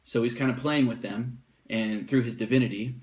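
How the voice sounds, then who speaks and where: A man teaching about a Bible passage in a relaxed, unscripted way, with fillers, slowing down whenever he reads verses aloud. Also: medium pitch.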